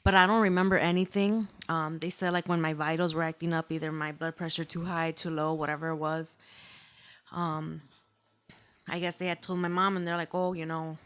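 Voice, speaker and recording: Low-voiced woman, chatty guest. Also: flat delivery, a little fast, fairly bright tone, clean tone. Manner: chatty, meandering storytelling. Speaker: podcast guest. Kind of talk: casual chat.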